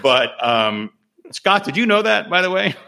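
A man's voice: high-pitched, very animated, unhurried, creaky, pushed and bright. A man hosting a casual podcast, asking guests leading questions in a friendly, conversational way. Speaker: podcast host. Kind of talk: casual interview chat.

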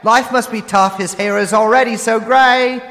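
A man's voice: very high-pitched, steady tone, moderate pace, a bit bright, big-room sound, voice pushed up. A man putting on a British accent to recite a cheeky limerick song in a mocking, sing-song way. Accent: put-on British.

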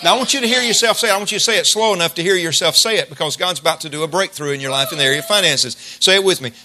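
Bright, forceful male preacher. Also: a little high, a little hiss or hum. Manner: emphatic, drawn-out scripture reading and call-and-response prompts. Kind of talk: sermon.

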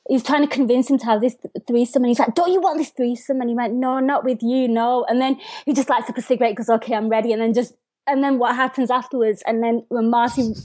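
A woman co-hosting a podcast, retelling scenes in a giggly, animated way. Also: on the high side, quick pace, dry recording. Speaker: podcast co-host. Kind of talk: casual chat.

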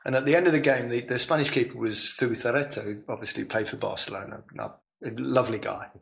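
A man's voice: mid-range voice, fast talker, gravelly, fairly bright tone, low-quality recording. A man in his sixties with an English accent, a former footballer as podcast guest, telling chatty stories and laughing along. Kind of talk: relaxed anecdotal storytelling.

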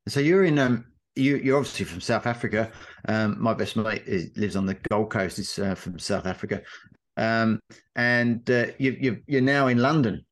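A man's voice: on the low side, normal speed. A man hosting a casual interview podcast, asking questions with fillers and hesitations. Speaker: podcast host.

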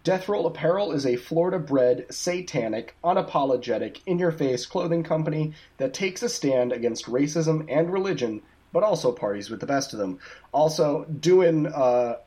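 A man co-hosting a podcast in casual chat, goofy and animated, tripping over his words. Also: fairly high pitch, moderate pace. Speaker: podcast co-host. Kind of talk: casual chat, reading a sponsor spot.

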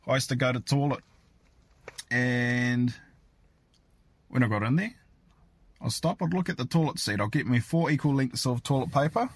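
Crude chuckling New Zealand bloke. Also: male voice, mid-range voice, no room sound. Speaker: caller leaving a voice message. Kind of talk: voice message anecdote.

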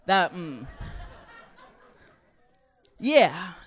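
A young adult woman comedian telling a personal story in a chatty, animated way, laughing often and using a lot of "like" fillers. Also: lowish voice, drawn-out words, slightly rough.

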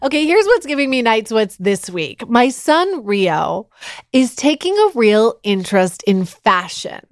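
Chatty woman host, high voice, super dry close sound, rambling and self-mocking. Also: unhurried, no room sound. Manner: chatty, self-deprecating, animated storytelling. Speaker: podcast host. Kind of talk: casual chat.

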